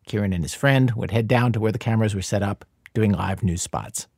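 A man's voice: lowish voice, brisk, gravelly, a little mellow, breathy edge, no echo. A man hosting a public radio story program, in scripted narration with a conversational, dry delivery. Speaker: radio show host.

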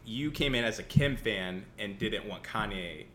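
A man's voice: on the low side, expressive, unhurried, fairly bright tone, slight background noise. A man from Central Illinois with a light Central Illinois accent, co-hosting a casual podcast chat in a rambling, self-mocking way, laughing often. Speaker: podcast co-host. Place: indoor room, guest seated across.

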